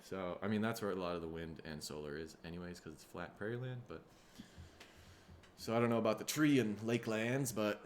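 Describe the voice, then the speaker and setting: A man from Minnesota, hosting a casual solo podcast, tired and rough in the throat, rambling and swearing freely. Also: on the low side, brisk, a little hiss or hum. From Minnesota, USA. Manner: rambling, profane, laid-back. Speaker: podcast host.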